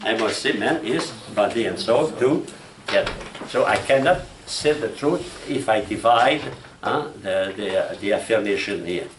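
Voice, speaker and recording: A man's voice: fairly low pitch, expressive. French-accented man lecturing in an echoey room. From France. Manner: halting, frequent fillers and restarts, asks "huh?" and "you know?". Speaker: logic instructor. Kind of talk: classroom lecture. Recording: echoey room from far off, faint noise.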